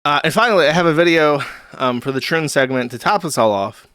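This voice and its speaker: A man's voice: a little high, animated, brisk, a bit bright, clear, resonant tone, no room sound, studio quality. A man hosting a livestream, ranting in crude, scornful commentary and breaking into laughs. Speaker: host.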